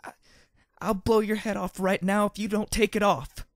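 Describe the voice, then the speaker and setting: A man doing a high, tearful pegasus mare. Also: little pitch movement, moderate pace, no room sound, studio quality. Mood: furious. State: hoarse. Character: young gray female pegasus, earnest and distraught.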